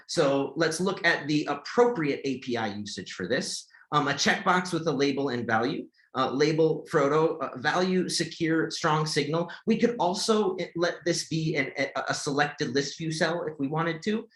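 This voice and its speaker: A man talks through an accessibility test on a shared screen, in a voice pitched a little high for a man. He stumbles, repeats himself and restarts phrases as he explains. The room gives him a noticeable echo. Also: fairly bright tone. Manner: halting, repeats words and restarts often. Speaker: accessibility tester and presenter. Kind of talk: screen-share tutorial walkthrough. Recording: echoey room.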